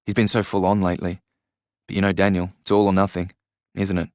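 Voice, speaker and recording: Hesitant, upset young woman, read by a man in a deep, smooth voice. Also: flat delivery, a little mellow, no echo, clean studio sound, close to an everyday voice. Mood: anxious. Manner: hesitant, halting with fillers.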